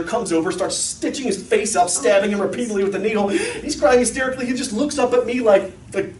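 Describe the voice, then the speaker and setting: A man in his thirties giving a casual talk to parents, telling stories with lots of fillers and lively asides. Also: high voice. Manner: storytelling, animated, lots of fillers. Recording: echoey hall from far off, faint noise.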